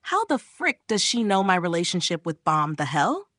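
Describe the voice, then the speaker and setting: A woman's voice: lowish voice, big pitch swings, normal speed, a bit bright, no room sound, studio quality. A woman doing a flustered young guy. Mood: panicked. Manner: flustered, exasperated. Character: flustered, nervous young man, the brother.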